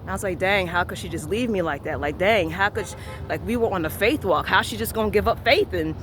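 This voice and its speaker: A vlogger with a fairly high voice shares his personal faith testimony with strong feeling, talking fast. He acts out each quote, swinging between hushed and loud delivery, and records outdoors with heavy wind noise behind him.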